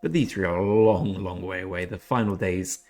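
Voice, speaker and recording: A man's voice: low voice, brisk, a little mellow. A man hosting a gaming channel, giving chatty, self-deprecating commentary over his gameplay.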